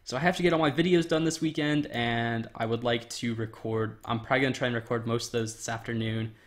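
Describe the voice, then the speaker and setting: A young man talks loosely through a livestream at his desk mic, drifting between thoughts and reading chat aloud. His speech is relaxed and rambling, full of ums and half-finished sentences. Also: mid-range voice, fast.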